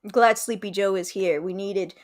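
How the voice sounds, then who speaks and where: A middle-aged woman hosting a casual livestream chat, bubbly and excitable, greeting viewers and laughing often. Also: mid-range voice, moderate pace, no echo, studio quality. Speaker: host.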